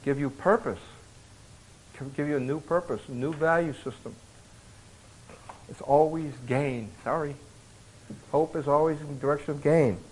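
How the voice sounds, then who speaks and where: A middle-aged man giving a conversational sermon at a retreat, telling stories in a folksy, animated way with many fillers and restarts. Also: on the high side, normal speed, long pauses, slight background noise, low-quality recording. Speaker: retreat speaker. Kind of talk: conversational sermon with acted anecdotes.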